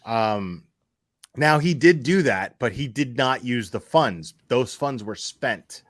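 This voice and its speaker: A man in the middle of a casual talk, heated and profane, circling back over the same phrases as he vents. His voice sits at an ordinary pitch and sounds close and dry, with no room around it. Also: animated, slow, a bit bright, no echo. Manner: heated, profane, repeats himself. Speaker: YouTube channel host. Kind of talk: casual venting chat.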